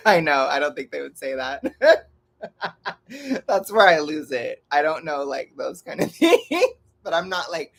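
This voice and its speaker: Gravelly young man chatting casually. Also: fairly high pitch, animated, slow pace, pauses often, fairly bright tone. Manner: rambling, self-mocking, laughs often. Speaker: vlogger. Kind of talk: casual live-stream chat. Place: at home.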